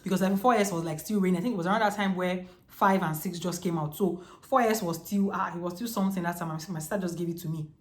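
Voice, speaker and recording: A Nigerian woman in her twenties telling a storytime vlog in a lively, chatty way, full of slang. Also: lowish voice, quick pace, few pauses. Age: 20s. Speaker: vlogger. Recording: echoey room.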